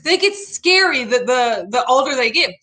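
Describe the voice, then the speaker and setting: A Southern American woman hosting a casual livestream. She reads out viewer comments and chats in an animated way, with many filler words. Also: sits high, normal speed. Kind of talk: casual live chat.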